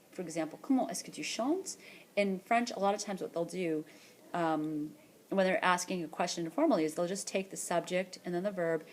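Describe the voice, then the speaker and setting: A woman teacher narrating a screencast lesson, explaining patiently and repeating French words slowly for practice. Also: fairly low pitch, a little mellow. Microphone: tablet or headset mic for screencast voice-over.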